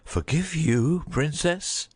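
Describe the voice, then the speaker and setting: A man's voice: on the high side, slow, a little mellow, slightly rough. A man voicing a loyal, anguished huntsman in a dramatized audiobook, emotional and torn.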